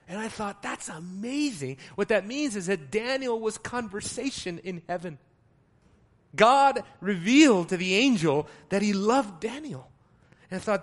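A man preaching a sermon, teaching from the Greek text, moving between quiet asides and loud, stressed words. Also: fairly high pitch. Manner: teaching, explains Greek wording.

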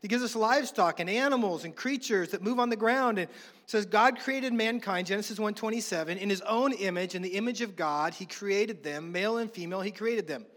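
A man's voice: high voice, brisk, fairly bright tone, in a large hall. A middle-aged man from the United States preaching a sermon in a conversational way, weaving in humorous family stories. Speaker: pastor.

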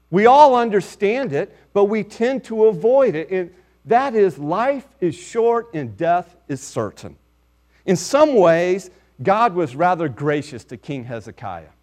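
A man preaching a sermon, reading scripture aloud and stressing his points firmly. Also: high voice.

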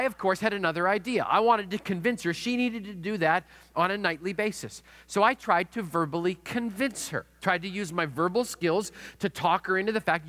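Bright-voiced male pastor in a reverberant hall. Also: sits high. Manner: storytelling, dramatic shifts in loudness. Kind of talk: sermon.

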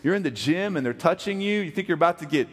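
Texan pastor preaching in a reverberant hall. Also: male voice, on the high side, lively intonation, quick pace. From West Texas. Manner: conversational, asks the congregation questions. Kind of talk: sermon.

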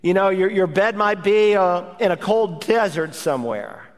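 Male pastor, middle-aged, preaching, high voice, emphatic, long hall echo. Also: animated, normal speed. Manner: emphatic, rising to urgent exhortation. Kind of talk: sermon.

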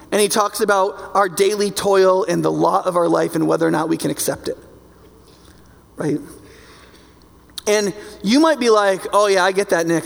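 A male preacher with a high, gravelly voice delivers a sermon in a conversational, emphatic way. He keeps checking in with his listeners as he talks. His voice rings out with a long hall reverb.

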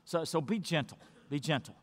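A man preaching a sermon as pastor, swinging between loud, emphatic peaks and hushed, quiet lines. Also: fairly high pitch, expressive, fairly quick. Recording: long reverb of a large hall.

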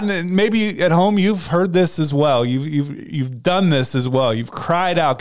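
A man's voice: a little high, moderate pace, clean tone. A man telling a personal faith story in a casual conversation, earnest, with frequent restarts.

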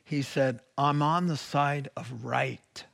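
A man preaching a sermon as pastor, animated, swinging from loud declarations to hushed whispers. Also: mid-range voice, takes it slowly, vocal fry. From California.

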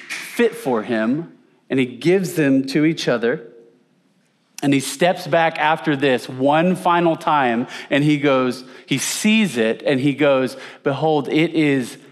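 A man teaching a conversational Bible lesson, asking his audience questions and repeating words for emphasis. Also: medium pitch. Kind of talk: teaching sermon with slides.

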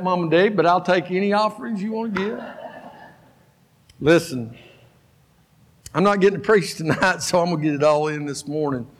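Man in his fifties, pastor preaching, high voice, lots of reverb from the church hall; animated storyteller. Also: moderate pace, pauses often. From Georgia, US. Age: 50s. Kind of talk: sermon. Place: church sanctuary.

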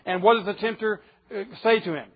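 Male preacher, sermon, high voice, husky, emphatic rhetorical questions, dull lo-fi recording. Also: brisk.

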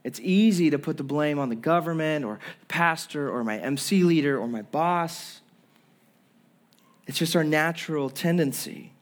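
A man's voice: on the high side, normal speed. A young man preaching a sermon as pastor, earnest, with frequent restarts and acting out people's complaints. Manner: earnest preaching with repeated restarts and acted-out quotes.

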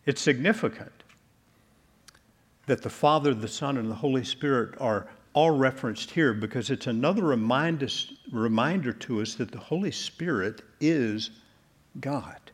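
A man delivers a sermon in a husky, slightly breathy voice of middle pitch. He preaches in a measured, deliberate way and slows down to lean on key words. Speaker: pastor.

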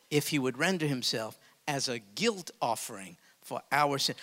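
A man preaching a sermon as pastor, swinging from hushed, intimate asides to booming emphasis. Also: expressive, brisk, few pauses, big-room sound.

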